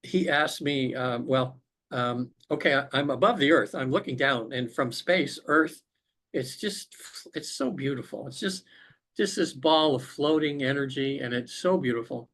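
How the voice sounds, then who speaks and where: A man's voice: medium pitch, a little slow, a bit bright. A man, a podcast guest, earnestly recounting a personal spiritual experience over a remote call. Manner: earnest, reflective storytelling. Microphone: remote call connection.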